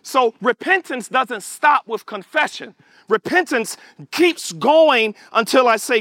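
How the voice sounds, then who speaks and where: High, bright-voiced male preacher. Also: takes it slowly, no room sound, studio quality. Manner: animated, call-and-response preaching; acts out prayers in quoted voices. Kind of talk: sermon.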